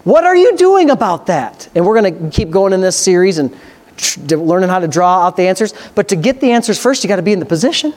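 A man preaching a sermon, reading scripture slowly and then breaking into loud, excited exhortation. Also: high-pitched.

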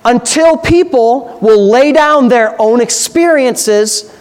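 A man's voice: very high-pitched, slow pace, a little mellow. A man, a pastor, preaching a sermon with passionate, repetitive emphasis.

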